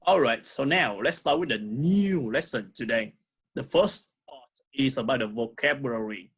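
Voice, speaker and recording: A man with a Vietnamese accent teaching an English lesson to young pupils, saying words slowly and repeating them for the class. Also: medium pitch, fairly bright tone, slightly rough. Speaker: primary school English teacher. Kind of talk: recorded online lesson.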